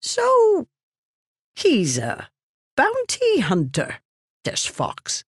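A woman voicing a nervous, sweating small-time man who stammers and squeaks. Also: wildly swooping pitch, very slow, no room sound, studio quality, exaggerated voice. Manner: stammering, squeaky pitch jumps.

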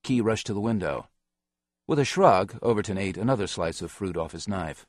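A man giving a steady, measured scripted audiobook narration. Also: fairly low pitch.

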